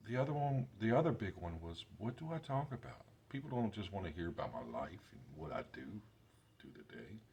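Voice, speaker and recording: A man's voice: lowish voice, very animated, a little fast, a little mellow, husky. A man in his forties with grandchildren, talking casually and rambling to camera in his workshop vlog, with loose, self-deprecating grammar. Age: 40s. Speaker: YouTube creator.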